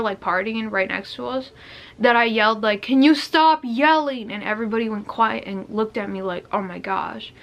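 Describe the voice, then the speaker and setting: A woman's voice: a little high, a bit bright. A young adult woman rambling casually through a storytime vlog, restarting sentences and saying "like" a lot. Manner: rambling, heavy use of "like", frequent restarts. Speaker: vlogger.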